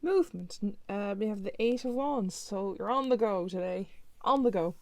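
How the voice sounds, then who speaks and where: A woman's voice: mid-range voice, lively intonation, normal speed, dry recording. A woman casually flipping through a new tarot deck, naming each card and reacting with chatty remarks. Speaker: tarot reader reviewing a deck.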